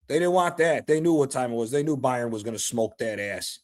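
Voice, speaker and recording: A man streaming a live reaction to a football match, excitable and profane, trash-talking the players. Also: medium pitch, a little fast. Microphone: streaming mic.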